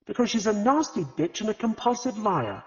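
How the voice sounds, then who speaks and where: A man's voice: sits high, very animated, moderate pace, pitched above the performer's own voice. A man reading the lines of a brash, prickly middle-aged woman sleuth in an audiobook, talking sharply and indignantly. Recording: reverberant, slightly dull audiobook recording.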